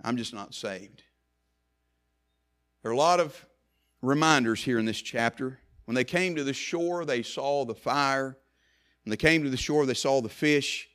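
At normal speed, a man gives a passionate sermon that alternates between loud, emphatic peaks and soft, low passages. He uses repeated phrases for effect.

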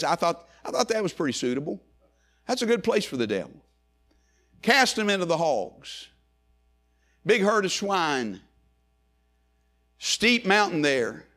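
A man preaching a sermon, swinging from loud rising calls to hushed low phrases and repeating lines in a building cadence. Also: very animated, measured pace, pauses often.

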